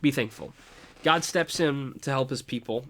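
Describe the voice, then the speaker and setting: A man preaching a sermon, asking his listeners questions and slowing down to stress his points. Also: medium pitch. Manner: asks the listeners many questions, slowing down for emphasis.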